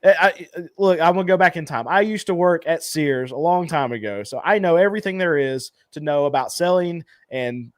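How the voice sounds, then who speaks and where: A man's voice: a little high, expressive, moderate pace, hardly any pauses, no room sound, clean studio sound. A man co-hosting a casual talk, chatty and self-deprecating, with some hesitant fillers. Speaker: co-host. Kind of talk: casual podcast chat.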